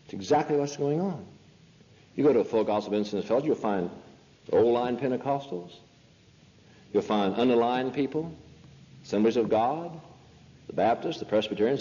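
A man's voice: mid-range voice, warm tone. A man preaching a sermon, emphatic and full of rhetorical questions. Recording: lo-fi hall recording.

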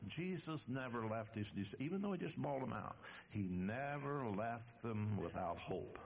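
An older man preaching a sermon in church, reading scripture slowly and emphatically, with some restarts and fillers. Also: mid-range voice, lively intonation, vocal fry, a little hiss or hum.

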